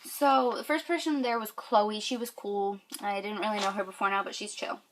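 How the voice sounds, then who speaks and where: A woman's voice: medium pitch, fairly even intonation, normal speed, a bit bright, a little hiss or hum. A young woman from New York telling a story to camera with lots of fillers, gushing and squealing when she quotes people. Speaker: vlogger.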